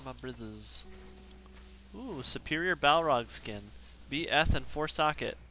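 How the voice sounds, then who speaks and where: A man's voice: medium pitch, animated, measured pace, sharp tone, faint music behind. Male game streamer, casual and self-deprecating, mid-range voice. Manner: chatty, self-deprecating, joking with chat. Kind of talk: casual live-stream chat while gaming.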